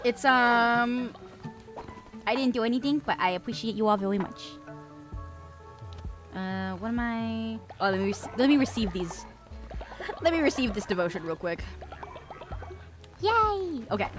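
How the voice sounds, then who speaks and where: A woman's voice: a little high, moderate pace, pauses often, music in the background. A woman in her twenties streaming a game, chatting casually and swearing with her viewers. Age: 20s. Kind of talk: casual gaming stream chat.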